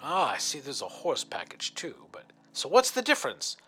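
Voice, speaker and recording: A man's voice: a little high, huge pitch swings, moderate pace, bright, forceful tone, husky. A man hosting an audio fiction show, reading a sponsor ad with dry, mock-horrified comedy. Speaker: podcast host.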